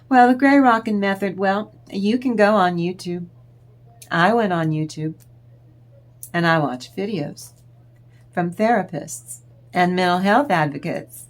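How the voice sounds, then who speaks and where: A woman's voice: mid-range voice, measured pace, pauses often. A woman hosting her own tarot channel, talking to viewers in a rambling, chatty way that drifts off topic. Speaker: tarot reader and channel host. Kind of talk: casual spiritual talk to viewers.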